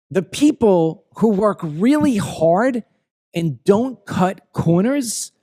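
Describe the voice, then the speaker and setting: A man's voice: high-pitched, dark tone, no echo, clean studio sound. A man in his fifties with a Long Island accent, hosting an opinion monologue in an emphatic, ranting way that keeps repeating phrases. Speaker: commentary show host.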